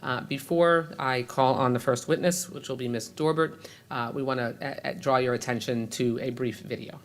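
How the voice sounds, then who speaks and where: A man's voice: mid-range voice, steady tone. Man formally reading out introductions. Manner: measured, with hesitant fillers when ad-libbing. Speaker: hearing moderator.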